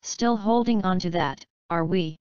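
A woman reading the part of an indignant, sarcastic man who has just died, speaking loudly and snippily. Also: fairly low pitch, a little slow, clean tone, no echo, dull audio, lightly acted. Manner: loud and snippy.

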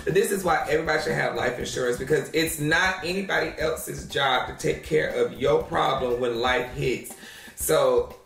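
A man gossiping in a high, gravelly voice, drawling and animated as he co-hosts a reaction show. He sounds a little off-mic in a roomy space, with faint music behind him. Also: normal speed, far from the mic. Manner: animated, drawling, says "child" often. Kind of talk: casual gossip commentary.

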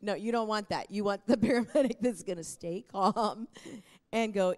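A woman's voice: mid-range voice, animated, moderate pace. A middle-aged woman preaching a sermon in an earnest, encouraging way. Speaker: pastor.

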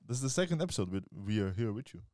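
Fast-talking young podcast host. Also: male voice, fairly low pitch, very animated, over a noisy crowd. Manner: brisk, laid-back, teasing. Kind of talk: casual podcast chat.

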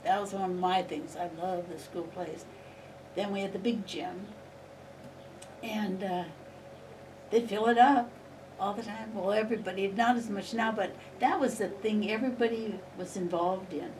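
In an interview, an older woman with a darkish, mid-range voice talks at normal speed, rambling fondly through old stories and laughing often. The distant mic leaves faint background noise in the recording.

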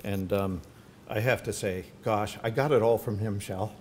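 Older male speaker with a lowish voice, chatty anecdotal delivery at a podium mic over a faint background rumble. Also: steady tone, normal speed. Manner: warm anecdotal storytelling with asides. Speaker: featured speaker at a symposium. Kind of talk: personal talk to an audience. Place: university hall with audience. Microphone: podium microphone.

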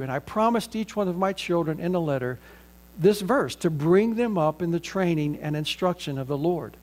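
High-voiced Southern pastor preaching. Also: male voice, lively intonation, a little mellow. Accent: Southern American. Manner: earnest, measured preaching with a closing prayer. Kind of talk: sermon.

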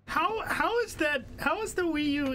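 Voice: sits high, moderate pace, a crowd in the background. A co-host casually chatting during gameplay, playful and a bit rambling. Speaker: let's play co-host. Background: game music.

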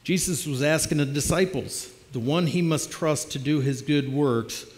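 A man's voice: a little high, moderate pace, a little mellow. A middle-aged man preaching a personal testimony sermon as a lay preacher, in a plainspoken, conversational storytelling way. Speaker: lay preacher filling the pulpit. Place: church sanctuary. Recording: long church reverb.

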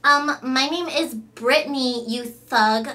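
Bratty valley girl put on by a woman, whiny, high, distant mic. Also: slow pace, bright, forceful tone, exaggerated voice. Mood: snooty. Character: snooty preppy young valley girl.

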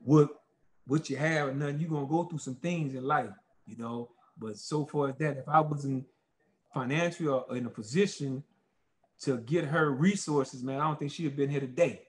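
A man, a former football player telling stories in a casual interview, rambling and animated with lots of fillers. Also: medium pitch, normal speed.

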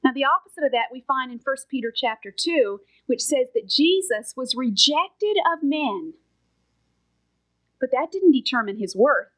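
Woman, middle-aged, high voice, sermon, earnest, emphatic, whispered asides. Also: animated, normal speed, a bit bright, rough recording. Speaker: Bible teacher.

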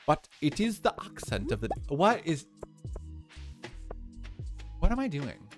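A man's voice: a little high, sing-song, takes it slowly, pauses often, soft background music. A young man in drag live-streaming a farming game, chatting casually with viewers and answering their questions with lots of fillers.

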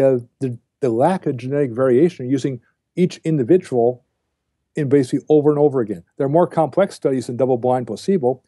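Blunt older man with husky voice. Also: fairly high pitch, dark tone, no room sound, studio quality. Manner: blunt, lecturing, emphatic. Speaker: guest, diet researcher. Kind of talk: podcast interview.

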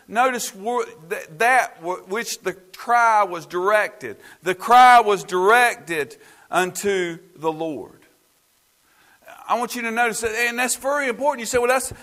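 A pastor preaching a fervent sermon, swinging from loud pleading to quiet, halting talk with many restarts. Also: male voice, sits high. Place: church.

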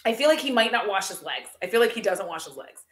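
A woman's voice: medium pitch, sing-song, fast, fairly bright tone, reverberant. A young adult woman vlogging at home in a casual, gossipy chat, rambling with lots of fillers and frequent giggles. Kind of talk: casual chat while decluttering. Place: room at home.

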